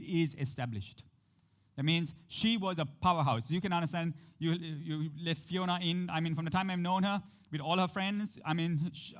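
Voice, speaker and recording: A man's voice: a little high, fairly bright tone. A man preaching a sermon, talking straight to his listeners with frequent questions and acting out the quotes in shifting voices. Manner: speaks to the congregation directly, with frequent questions. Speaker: pastor.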